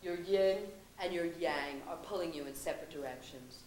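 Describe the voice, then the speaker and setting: A woman playing a calm, blunt New Age male friend who teases and coaches, in a stage comedy. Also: sits low, moderate pace, reverberant, slight background noise, lightly acted, low-quality recording. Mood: teasing. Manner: soothing, wry, blunt.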